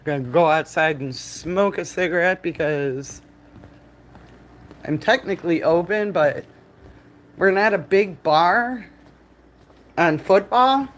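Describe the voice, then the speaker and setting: A man telling lively stories on a live stream from a bar, laughing often and cursing freely. His voice is bright and forceful, sitting a little high for a man. The talk is loose and casual. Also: slow, long pauses, slight background noise, rough recording. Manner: animated storyteller, laughs often, swears freely. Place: bar, indoors.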